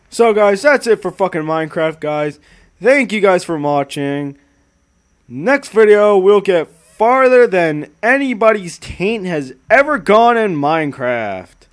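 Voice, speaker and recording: A crude, foul-mouthed man commentating a game, his voice lurching between hushed murmurs and wild yells with lots of rise and fall. He sits a bit higher than most men and drags his words out slowly. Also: very animated. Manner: swears constantly, lurches from hushed murmurs to yelling. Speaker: gaming channel host.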